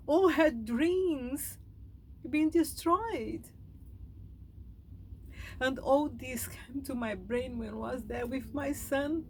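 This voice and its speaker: Slow, high-voiced emotional woman speaker. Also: a little mellow, low-quality recording. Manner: halting, heartfelt, emotional. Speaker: spiritual speaker. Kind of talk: meditative reflection.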